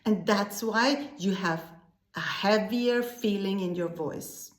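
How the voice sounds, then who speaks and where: A woman's voice: mid-range voice, slow. A woman teaching opera singing, explaining vocal technique in a patient way and often restarting words. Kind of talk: vocal lesson. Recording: echoey room.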